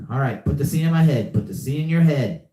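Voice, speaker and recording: A man's voice: fairly high pitch, expressive, normal speed, dark tone, reverberant. A young man hosting a live podcast, chatting casually and often repeating himself. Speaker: podcast host. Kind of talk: casual live-stream chat.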